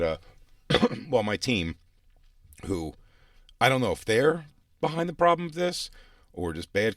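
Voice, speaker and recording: Deep-voiced man telling a rambling story. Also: no room sound, clean studio sound. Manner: rambling storyteller, self-deprecating. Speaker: radio show co-host. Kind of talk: casual studio banter. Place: radio studio. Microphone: studio microphone.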